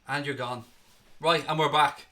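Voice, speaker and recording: A man from Ireland hosting a fan channel, giving excitable, blunt and sweary live watchalong commentary on a match. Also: fairly high pitch, measured pace.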